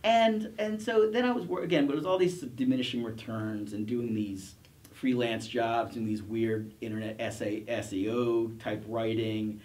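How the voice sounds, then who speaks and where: A man's voice: mid-range voice, steady tone, normal speed, a little mellow, far from the mic. A middle-aged man, a professor, telling his career story in a casual interview, rambling with restarts and self-deprecating chuckles. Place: college TV studio.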